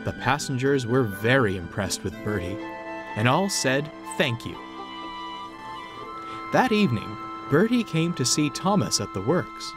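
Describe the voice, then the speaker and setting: A man narrating a children's story in an expressive storytelling manner. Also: medium pitch, a little slow, music in the background.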